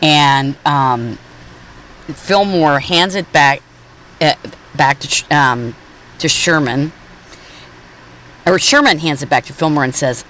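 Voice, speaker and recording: A woman radio host reading newspaper comic strips aloud, chatty and animated, with asides and fillers. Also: sits low, a little slow, long pauses, slight background noise.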